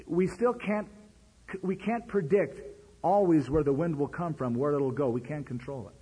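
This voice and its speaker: A man preaching a sermon, his voice husky and strained. His pitch leaps up and drops back down as he talks. Everything rings with a long hall echo. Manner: animated, conversational preaching with sudden pitch jumps. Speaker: pastor.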